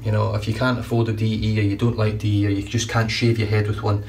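A man's voice: on the low side, monotone, quick pace, darkish tone. A man casually reviewing shaving products, chatty and enthusiastic, a little rambling. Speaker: shaving vlogger. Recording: distant mic, faint room noise.

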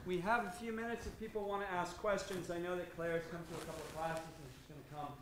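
A man's voice: high-pitched, steady tone, fast. A man moderating questions after a public reading, hesitant and searching for his words. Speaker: event moderator. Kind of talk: hosting a question session. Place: university lounge at a public reading. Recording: roomy lounge with faint background noise.

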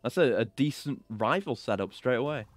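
A man's voice: medium pitch, expressive, normal speed, no room sound. Male game streamer, casual and profane, dry close mic, light background music. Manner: loose, swearing, self-mocking asides. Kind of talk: casual gameplay commentary.

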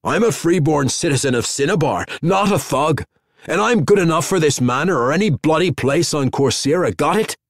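A male narrator voicing a gruff, rasping peasant servant who talks fast and rough. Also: mid-range voice, expressive, no room sound, studio quality, voice pushed up.

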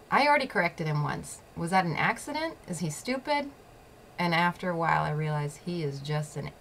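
Lady venting a story on her own show, lowish voice, cusses a lot, faint noise behind. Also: fairly bright tone. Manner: blunt and profane, laughs often; repeats phrases for emphasis. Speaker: show host. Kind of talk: personal storytelling monologue.

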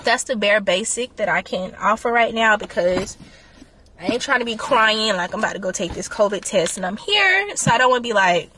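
A woman's voice: mid-range voice, lively intonation, normal speed, sharp tone, slight background noise. A young woman vlogging casually, rambling candidly and emotionally and sometimes talking to herself. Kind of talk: casual reflective vlog chat.

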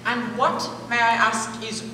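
A woman's voice: fairly high pitch, level tone, a little slow, noisy background, natural voice. A woman on stage playing a fussy male playwright who reads his stage directions aloud and defends his script, heard from far off in an echoey hall. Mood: defensive. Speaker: stage actor. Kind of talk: amateur stage play performance. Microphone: far room mic.

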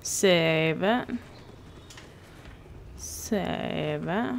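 A woman's voice: fairly low pitch, lively intonation, extremely slow, creaky, slight background noise. An American woman chatting playfully and exclaiming while playing an online game. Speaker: gamer. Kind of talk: casual gaming chat.

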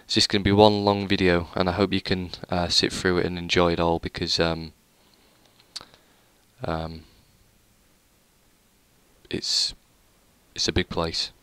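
Young man, low smooth voice, dry close mic, rambling game tour with lots of ums. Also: completely flat delivery, measured pace, long pauses, fairly bright tone, no room sound. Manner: rambling, self-deprecating, hesitant with many fillers. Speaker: gaming YouTuber. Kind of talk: casual let's play commentary.

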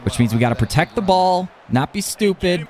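A young man commenting on his own football video game as he plays, excitable and talking to himself, often yelling at plays. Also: high voice, a little fast. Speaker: gaming YouTuber. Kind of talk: live gameplay commentary.

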